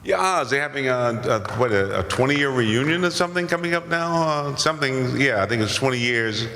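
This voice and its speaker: An older actor telling stories at a convention Q&A, rambling and self-deprecating with many restarts. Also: male voice, medium pitch, lively intonation, a little fast, vocal fry, bright, forceful tone, slight background noise. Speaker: guest actor. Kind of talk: convention Q&A storytelling. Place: large convention hall. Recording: convention hall with long reverb.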